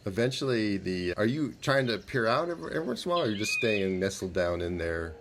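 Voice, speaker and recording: A man with a fairly low voice runs a tabletop game as game master, pressing his players with quick, restarting questions. Faint noise sits under the recording. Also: very animated. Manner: quick questions, restarts, laughs, jumps to high goblin voices. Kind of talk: narrating a tabletop game, putting on guard voices.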